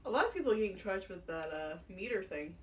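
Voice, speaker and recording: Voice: mid-range voice, quick pace, recorded from a distance, slight background noise. A podcast cohost chatting casually, who teases and laughs often. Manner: laughs often, teasing, lively. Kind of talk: casual chat.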